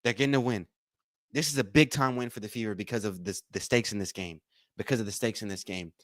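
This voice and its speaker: A man hosting a live watch-along stream, calling plays, thanking donors, and repeating himself with excitement. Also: on the low side, quick pace, no echo. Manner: excitable, repeats phrases, says y'all a lot. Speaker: livestream watch-along host. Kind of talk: live game commentary and chat.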